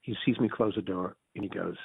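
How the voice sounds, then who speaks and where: A man with a Northern US Yankee accent telling stories as an interview guest, acting out quoted dialogue with big pitch jumps and often restarting his words. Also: steady tone, brisk, vocal fry, husky, no room sound. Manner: frequent restarts and repeated words. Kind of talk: storytelling in a conversational interview. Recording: tinny phone-like dry audio.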